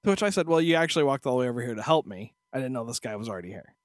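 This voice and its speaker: Podcast guy griping about his day, cussing a lot, talks fast, dead dry room. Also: mid-range voice, animated, dry recording. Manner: profane, exasperated storytelling. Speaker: podcast co-host. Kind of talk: casual ranting chat.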